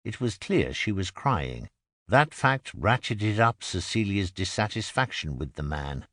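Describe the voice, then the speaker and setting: A man narrates an audiobook in a low voice that rises and falls with the story. His pacing stays measured and expressive. The recording is close and dry, from a booth. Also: no echo. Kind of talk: scripted narration. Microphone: close studio mic.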